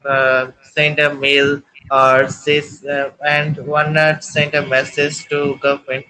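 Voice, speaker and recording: A man from India, a Bengali speaker, with an Indian English accent, talking haltingly on a video call as an English learner. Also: fairly high pitch, completely flat delivery, pushed and bright, smooth, poor audio. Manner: halting and hesitant, many restarts while searching for words.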